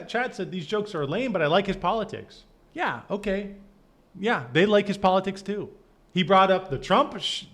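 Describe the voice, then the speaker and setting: Animated, sarcastic male streamer. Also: fairly high pitch. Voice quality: sarcastic, riffing delivery. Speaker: streamer reacting to a clip. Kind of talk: live-stream reaction commentary.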